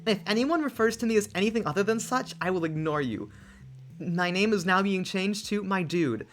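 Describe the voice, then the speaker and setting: Excitable, jokey woman streamer. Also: mid-range voice. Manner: excitable, jokey, quick asides. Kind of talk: casual let's-play chat. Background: soft lofi music.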